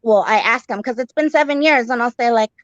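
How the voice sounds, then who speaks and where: A woman's voice: a little high, fairly quick, no echo, highs cut off. A young woman doing a stand-up set, profane, rambling and brash. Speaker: stand-up comic.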